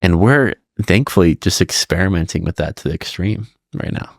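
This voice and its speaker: 낮고 걸걸한 목소리의 남성 팟캐스트 진행자가 진지하고 사색적으로 이야기한다. 울림 없는 건조한 녹음. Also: male voice, low voice, expressive, moderate pace, vocal fry, dry recording, studio quality. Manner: earnest, reflective, musing on personal growth. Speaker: podcast co-host. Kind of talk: casual podcast talk.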